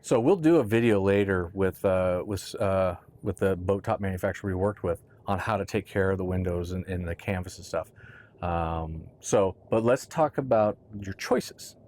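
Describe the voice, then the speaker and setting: A man's voice: low voice, moderate pace, darkish tone. A man casually explaining boat gear in a conversational how-to talk, often checking in with "right?". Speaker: boat owner explaining boat tops.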